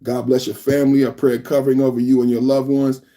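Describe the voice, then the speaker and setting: Speaking fast with a warm, level, medium-pitched voice, a man in his fifties hosts a live podcast. His stream talk is casual and emphatic, and he calls his listeners brother and bro.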